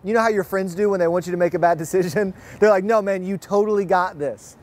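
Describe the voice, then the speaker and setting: A young man preaching, his voice pitched high for a man. He tells stories in a lively way and acts out the other speakers' lines as he goes. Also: fast. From Fort Worth, Texas. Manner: lively storyteller, acts out quotes. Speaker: pastor. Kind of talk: sermon with personal storytelling. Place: online church service.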